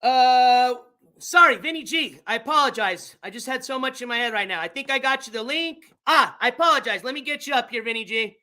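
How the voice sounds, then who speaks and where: Man, stream host, very high pitch, informal and welcoming. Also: lively intonation, fairly quick, sharp tone. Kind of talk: casual live-stream hosting.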